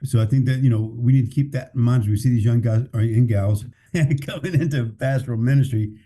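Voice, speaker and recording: A man's voice: medium pitch, fairly quick, mellow. A man who is a pastor, speaking candidly and plainly in a casual podcast conversation, often restarting his sentences. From California.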